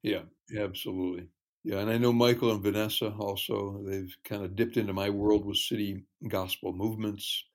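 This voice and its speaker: A man talking as a ministry guest in an interview, earnest and measured, telling stories. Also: fairly low pitch, fairly even intonation. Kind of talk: casual interview chat.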